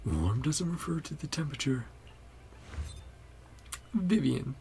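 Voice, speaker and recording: Gravelly, playful male game reactor. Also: lowish voice, very animated, a little slow, slight background noise. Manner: playful, laughs often. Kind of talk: casual reaction commentary.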